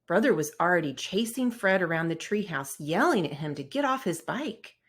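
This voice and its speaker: A woman's voice: on the low side, expressive, moderate pace, breathy edge. A woman reading a children's picture book aloud, narrating expressively and voicing the characters. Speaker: storybook read-aloud narrator.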